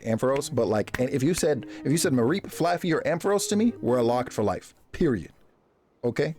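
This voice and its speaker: A man streaming live, chatting casually with his viewers and reacting to them in a jokey, animated way. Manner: animated, jokey, reacting to chat with big pitch jumps and laughs.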